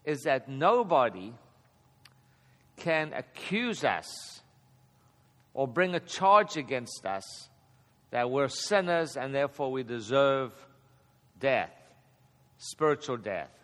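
A man in his fifties teaching a Bible passage in a relaxed, conversational way, chuckling often and getting animated at key points. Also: medium pitch. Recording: long hall reverb.

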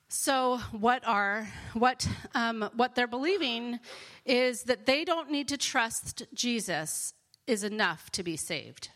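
A woman giving a conversational Bible teaching, earnest and expressive, with frequent fillers. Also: on the high side, slow pace.

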